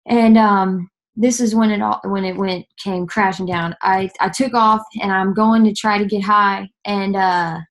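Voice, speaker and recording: A woman's voice: mid-range voice, fairly even intonation. A young woman from Nashville, giving an earnest personal testimony that halts and restarts often. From Nashville, Tennessee. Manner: earnest, halting, many fillers and restarts.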